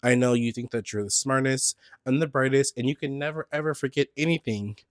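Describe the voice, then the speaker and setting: A man in his thirties hosting a solo podcast, chatting in an animated, scattered, sing-songy way with campy, playful asides. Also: medium pitch, a little fast, dry recording, studio quality. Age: 30s. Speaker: podcast host. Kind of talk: casual solo chat. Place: his apartment.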